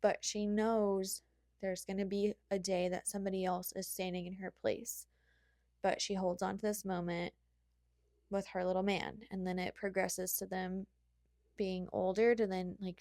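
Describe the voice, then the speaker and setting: A woman's voice: mid-range voice, darkish tone, dry recording, studio quality. A young woman hosting a podcast, chatting casually about motherhood in a rambling, heartfelt way. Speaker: podcast host. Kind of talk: casual solo chat.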